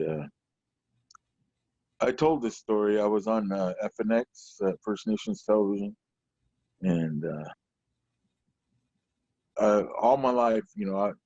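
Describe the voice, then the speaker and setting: Low and dark in tone, this Portland, Oregon comedian's voice carries rambling conversational stories sprinkled with "you know." The recording is dull, dry lo-fi with no echo.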